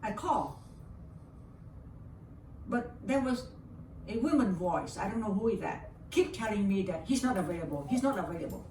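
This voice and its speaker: An older Vietnamese woman, speaking English as a second language with a Vietnamese accent, tells a heartfelt personal story as an interview guest, often repeating her words. Her slightly mellow, medium-pitched voice is lively, at a moderate pace with frequent pauses. The recording sounds roomy and distant, with faint background hiss.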